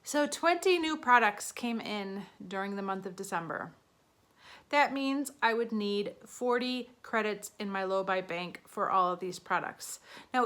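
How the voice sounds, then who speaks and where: A woman's voice: mid-range voice, sharp tone. A woman in her thirties talking casually to the camera as a beauty vlogger, chatty and a little flustered as she counts out her numbers.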